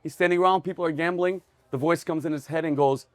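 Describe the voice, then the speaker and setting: A man hosting a casual comedy chat at a diner, spinning jokes with animated energy. His voice sits a bit high for a man. The sound is dry and close. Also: quick pace, no echo. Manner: animated storyteller, breaks into laughter. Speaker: comedy show host.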